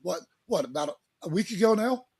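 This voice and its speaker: A man's voice: high-pitched, brisk, husky. A man co-hosting a casual morning talk show, asking short questions and reacting. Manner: lively, brief reactions and questions. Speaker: co-host. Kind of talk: casual chat.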